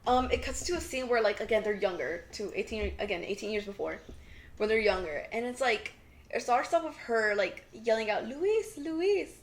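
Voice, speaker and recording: A young adult woman co-hosting a podcast, casually recapping a TV drama in a rambling, animated way full of "like" fillers. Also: mid-range voice, a little fast. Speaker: podcast co-host.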